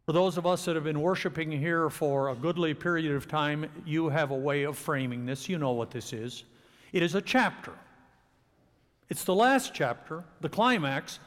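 A male pastor delivering a sermon, leading a prayer and then preaching with rising emphasis in a church. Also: fairly high pitch. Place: church sanctuary. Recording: long church reverb.

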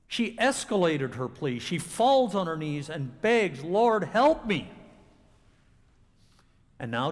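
Expressive male preacher in reverberant church. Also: on the high side. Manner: expressive preaching with dramatic pauses. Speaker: pastor. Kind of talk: sermon. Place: church sanctuary.

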